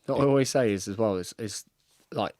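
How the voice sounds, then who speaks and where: A man, an excitable guest who keeps saying "mate" and trails off mid-sentence. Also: fairly low pitch, brisk, dry recording, studio quality. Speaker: podcast guest, rugby player. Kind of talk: casual chat, reacting to match footage.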